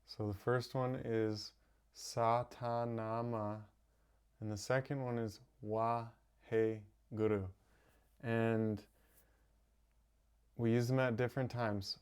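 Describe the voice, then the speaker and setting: A man guiding a live breathwork meditation, calmly giving instructions and softly counting the breaths. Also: mid-range voice, smooth. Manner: slow, calm, counting softly. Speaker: meditation teacher. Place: home streaming setup.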